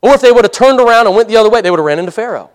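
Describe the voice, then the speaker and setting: A man's voice: high voice, expressive, very fast. A man preaching a sermon in a conversational way, with laughing asides and calls of amen. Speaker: pastor.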